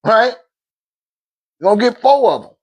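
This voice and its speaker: A man's voice: high-pitched, very animated, moderate pace, slightly rough. A man hosting a phone livestream, preaching in a casual, slangy way and laughing often between points. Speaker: livestream host.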